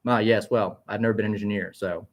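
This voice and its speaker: Man giving a calm, dry-witted gentleman. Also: lowish voice, lightly acted. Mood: measured. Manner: kindly, measured, dry.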